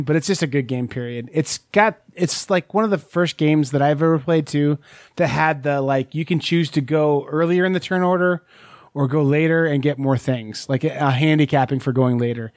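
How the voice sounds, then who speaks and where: A man talks casually as co-host, wandering through his thoughts with fillers and restarts. His voice sits a little high, and the sound is dry and close. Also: a little fast, no echo. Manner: rambling, many fillers and restarts. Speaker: podcast co-host. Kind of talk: casual chat.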